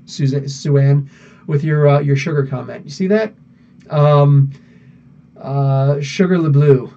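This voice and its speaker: A man's voice: a little high, dark tone, recorded from a distance, muffled recording. A man hosting a live podcast, chatting loosely, laughing often and using many fillers. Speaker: podcast host answering live chat. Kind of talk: casual live-stream chat.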